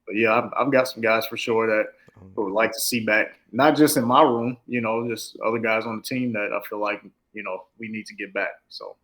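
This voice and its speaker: A man in his thirties, a football coach, talking easily and calmly as a podcast guest. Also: lowish voice, brisk, poor audio. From Los Angeles. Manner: laid-back, easygoing, some stammering restarts. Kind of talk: casual interview chat.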